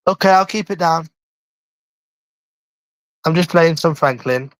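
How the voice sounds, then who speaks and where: A brash man with a London accent rambles through a casual live stream from his room at home, swearing freely. His voice sits somewhat high for a man. The sound is dry and close, with no room echo. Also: unhurried.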